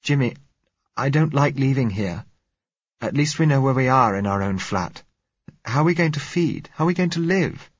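A man's voice: mid-range voice, lively intonation, normal speed, breathy edge, no room sound, muffled recording, voice pushed up. A man voicing a frightened young woman who pleads fearfully. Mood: frightened pleading. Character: frightened young woman clinging to her husband.

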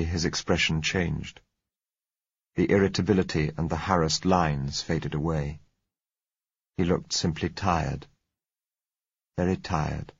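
A man narrating a novel in the first person, measured and understated. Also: low voice, husky, no echo. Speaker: audiobook narrator. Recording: dull, dry lo-fi recording.

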